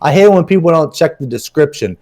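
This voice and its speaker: A male podcast host with a somewhat high voice, ranting and cursing his way through casual chat. His talk is loose, exasperated and full of swearing. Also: expressive, fast, darkish tone.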